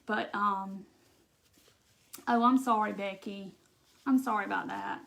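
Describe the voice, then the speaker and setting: A woman's voice: mid-range voice, steady tone, measured pace, vocal fry, a bit bright. A woman, chatting casually and a bit rambling as she hosts a live craft stream. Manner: chatty, emotional, rambling with many restarts. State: tearful at times. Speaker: craft livestream host. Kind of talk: casual livestream chat while crafting.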